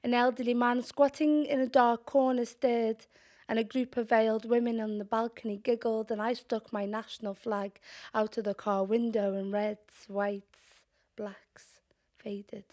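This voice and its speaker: A young woman with a Scouse accent performing spoken-word poetry in a measured, deliberate way, sometimes dropping to a whisper. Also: on the high side, little pitch movement, a little mellow. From Liverpool, England. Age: young adult. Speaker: poet.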